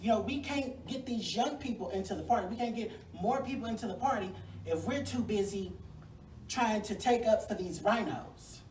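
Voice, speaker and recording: A woman's voice: medium pitch, moderate pace, darkish tone, distant mic, slight background noise. A woman, a congressional candidate giving a sassy, folksy, fired-up campaign speech at a forum. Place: venue hall at a forum. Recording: echoey room, mic from afar.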